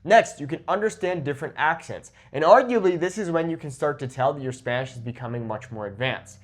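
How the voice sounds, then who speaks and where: A man with a voice a little higher than usual talks through his tips as a Spanish teacher. His delivery is informal and lively, and he keeps checking in with short "okay?" and "right?" asides. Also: fairly quick. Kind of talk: conversational teaching to camera.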